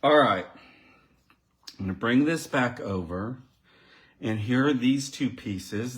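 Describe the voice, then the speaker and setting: Talking straight to his viewers, a man demonstrates card-making live, chatting and thinking out loud as he works. His voice is mid-range with a fairly bright tone.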